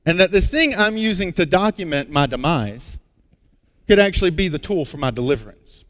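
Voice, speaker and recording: A male pastor preaching a sermon. He tells a personal story with animated energy, then turns hushed and earnest. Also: fairly high pitch, normal speed. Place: large church auditorium. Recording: long reverb of a large hall.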